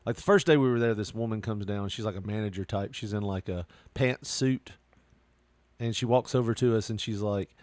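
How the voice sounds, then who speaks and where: A man's voice: lowish voice, brisk, darkish tone, dry recording. A man co-hosting a podcast in casual chat, telling stories animatedly and laughing often. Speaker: podcast co-host.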